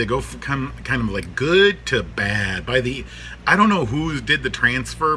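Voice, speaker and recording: A man in his thirties talks casually to camera from his workshop, rambling and laughing as he goes. His voice is very bright and forward, and his pitch swings widely. A faint noise hangs under the recording. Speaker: vlogger reviewing a cartoon.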